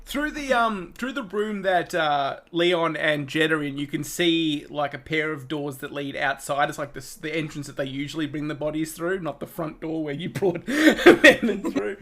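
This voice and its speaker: Laughing game master narrating. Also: male voice, a little high, lively intonation, moderate pace, few pauses, fairly bright tone. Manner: laughing often, loose filler-heavy narration.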